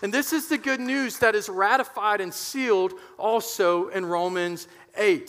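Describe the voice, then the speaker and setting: A man's voice: sits high, unhurried, hardly any pauses, fairly bright tone, long reverb tail. A man preaching a sermon to his church, emphatic and getting fired up, often checking in with "right?". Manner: gets fired up.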